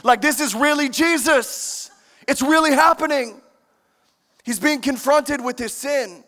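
High-voiced, emphatic preaching man. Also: a little slow. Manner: emphatic, animated preaching with questions to the congregation. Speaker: pastor. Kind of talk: sermon. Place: large church hall. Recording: long church-hall reverb.

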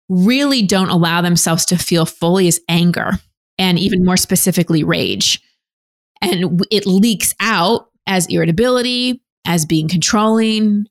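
A woman guest on an interview podcast, explaining things in an earnest, teacherly way as a relationship coach. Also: on the low side. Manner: earnest, teacherly, acts out example voices.

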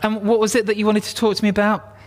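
A man preaching a sermon, retelling a Bible story with animated, acted-out character lines. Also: high voice, fast.

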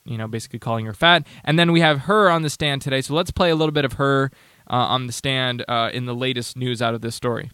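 A man's voice: mid-range voice, quick pace, sharp tone, clear, resonant tone, no echo. A man hosting a casual talk show, sarcastic and rambling, with many restarts. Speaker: podcast host. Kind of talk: casual commentary.

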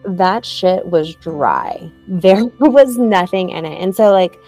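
Young woman telling her story, laid-back chat, mellow tone, laughs as she talks. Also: fairly low pitch, sing-song, takes it slowly, soft background music. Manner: chatty, many "like" fillers, laughs while telling. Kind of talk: casual personal storytelling.

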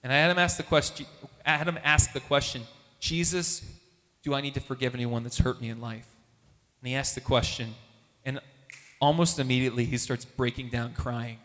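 Animated man telling a story in a reverberant hall. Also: fairly quick. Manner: animated, acts out quoted voices with big pitch jumps. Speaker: speaker at a Catholic gathering. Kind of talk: storytelling testimony.

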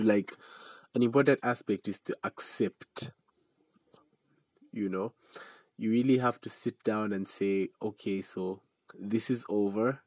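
Guy on a solo podcast, chatty and jokey, mid-pitched voice that shoots way up when he gets worked up. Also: rough recording. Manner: chatty and joking, laughs at his own asides; animated outbursts with sudden high pitch jumps. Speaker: podcast host. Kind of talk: casual solo podcast advice.

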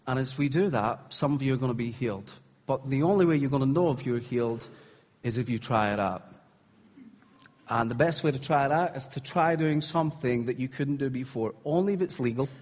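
Male preacher, slightly husky, higher than most; encouraging, playful with the crowd; live in a reverberant hall. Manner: encouraging, gently humorous, calls out to the crowd. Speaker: preacher leading a healing service. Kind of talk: live sermon ministry. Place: large hall with congregation. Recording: echoey hall with faint crowd.

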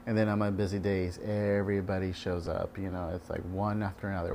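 A man's voice: deep voice, steady tone, brisk, hardly any pauses, darkish tone, a little hiss or hum. A man working as an ultrasound technologist, ranting casually and candidly about patients, swearing freely and mimicking them.

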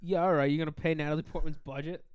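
Wry mock-serious podcast co-host, a man with a slightly high voice. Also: steady tone, racing, smooth, no room sound. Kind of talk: casual comedic chat.

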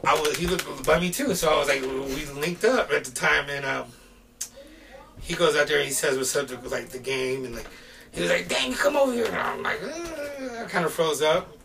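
A middle-aged man casually telling a story on a podcast, animated and swearing, shouting out the quoted lines. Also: on the high side, brisk, vocal fry, distant mic, a little hiss or hum. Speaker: podcast guest.

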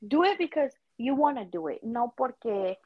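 A woman with a slightly high voice talks as a mother in a casual chat. She mixes English and Spanish and sounds encouraging and reflective. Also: animated, normal speed, narrow, tinny audio. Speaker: podcast co-host, stay-at-home mom.

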